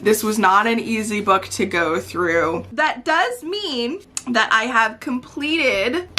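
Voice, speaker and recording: Woman reading vlogger: higher voice, talks slowly, easy casual chat that breaks into giddy laughter. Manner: excitable, laughs often, swings from calm recap to giddy outbursts. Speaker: book vlogger.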